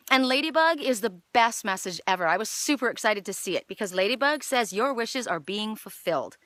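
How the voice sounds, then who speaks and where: Excitable middle-aged lady doing an oracle card reading outside, bright voice, dry close sound, lots of ums. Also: fairly high pitch, a little fast, hardly any pauses, no room sound. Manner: chatty, excitable, lots of fillers. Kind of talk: casual spiritual card reading. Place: outdoors in the evening.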